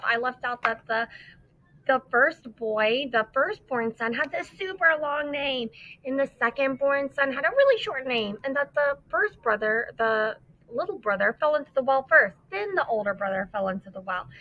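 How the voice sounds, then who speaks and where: A woman teacher who reads a story aloud to children and then explains it, in an expressive, emphatic way. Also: high voice, normal speed. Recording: dull lo-fi dry recording.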